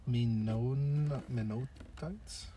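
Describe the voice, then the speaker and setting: A man with a mid-range voice chats in an easy, unhurried way on a casual podcast, hedging his points. A steady hiss runs clearly under his voice. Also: medium pitch. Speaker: podcast co-host. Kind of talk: casual chat. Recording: noisy background hiss.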